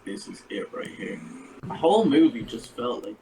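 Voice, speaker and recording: A man's voice: medium pitch, big pitch swings, moderate pace. Man, sweary sarcastic podcast chat, faint background noise. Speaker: podcast co-host. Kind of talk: casual film review chat.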